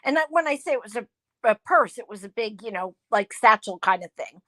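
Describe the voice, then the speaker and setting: A woman hosting a casual chat who tells animated stories and acts out quoted dialogue. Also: on the high side, a little fast, dry recording. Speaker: host.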